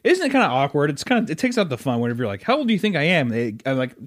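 A young man on a podcast teases his friends and slips into quick impressions. His voice sits slightly high and swoops up and down all the time. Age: 20s. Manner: animated, teasing, acts out voices. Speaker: podcast co-host. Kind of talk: casual chat.

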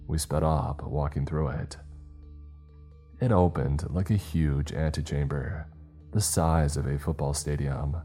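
A man reads a horror story in a slow, grave, measured way. His voice is extremely deep and dark, with faint music playing beneath. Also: husky. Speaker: narrator. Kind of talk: scripted horror story narration.

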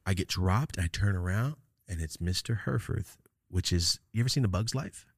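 Speaking at a moderate pace in a low, slightly rough voice, this man hosts a podcast and chats casually through a meandering, swear-laden story. The sound is studio quality, with no room sound.

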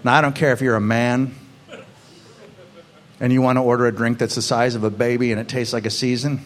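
A male stand-up comedian doing a profane, ranting set that builds to shouts. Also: medium pitch, level tone, brisk.

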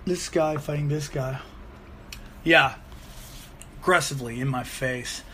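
Forties comic host, high and bright voice, profane and animated storytelling. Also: male voice, measured pace, slight background noise. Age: 40s. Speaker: comedian podcast host. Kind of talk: solo comedic rant.

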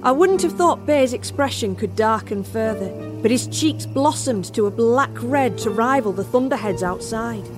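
A woman's voice: on the high side, expressive, normal speed, hardly any pauses, lightly acted. A woman narrating a first-person horror tale as a barmaid in an audio drama. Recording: music score underneath.

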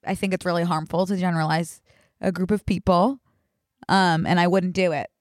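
A woman's voice: lowish voice, steady tone, normal speed, no echo, clean studio sound. A young woman co-hosting a podcast, chatting casually and easily. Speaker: podcast co-host. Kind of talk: casual chat.

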